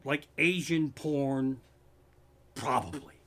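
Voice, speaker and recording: A man's voice: on the high side, expressive, moderate pace, fairly bright tone. A man doing profane, worked-up stand-up comedy, streamed live from his living room, with a Pennsylvania accent.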